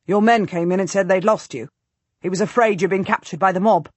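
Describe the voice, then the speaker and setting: A woman doing a quick-talking young guardsman. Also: medium pitch, husky, dry recording, lightly acted. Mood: eager. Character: young male castle guardsman, eager and talkative.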